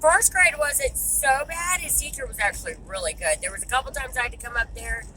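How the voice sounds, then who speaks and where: A frustrated woman vents straight to camera, cursing without a filter. Her voice sits a little high. Steady traffic and outdoor noise carry clearly behind her, as if she is recording in or beside a car. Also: a little fast. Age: 30s. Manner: blunt, swears freely, exasperated. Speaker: vlogger and mother. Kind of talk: venting to camera.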